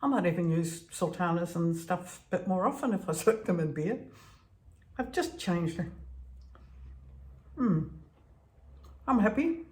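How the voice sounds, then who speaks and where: A woman's voice: lowish voice, lively intonation, a little slow, pauses often, a little mellow. Woman vlogging her baking at home, chatty, laughs a lot, lots of ums. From Netherlands. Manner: chatty, laughs often, trailing fillers. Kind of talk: casual home baking vlog.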